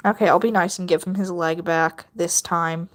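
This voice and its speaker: A woman's voice: fairly low pitch, fairly even intonation, moderate pace. A woman livestreaming while she draws, chatting casually and rambling to her viewers, often laughing.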